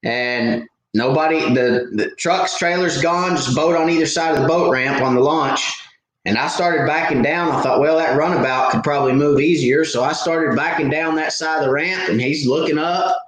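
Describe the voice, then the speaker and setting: A man's voice: a little high, moderate pace, a bit bright. A man hosting a live fishing Q&A stream, telling stories casually with lots of fillers and restarts. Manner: rambling storyteller with many fillers and restarts. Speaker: fishing channel host. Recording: very echoey room.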